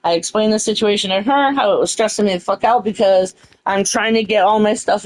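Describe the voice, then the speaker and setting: A woman's voice: mid-range voice, a little fast, rough recording. A young woman telling a story in a casual, frustrated way, swearing freely and saying "you know" a lot. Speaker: streamer.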